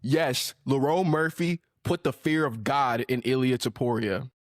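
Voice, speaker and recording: A man's voice: mid-range voice, unhurried, no echo, clean studio sound. An American man co-hosting a podcast, insistently arguing his point in casual debate and calling people bro. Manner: insistent, argumentative, says bro often. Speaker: podcast co-host.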